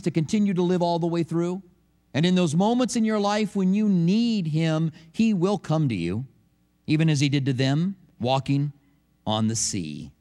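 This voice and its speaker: A man's voice: a little high, darkish tone. A middle-aged man, a pastor, giving a sermon in a church service in a conversational, storytelling way with acted quotes.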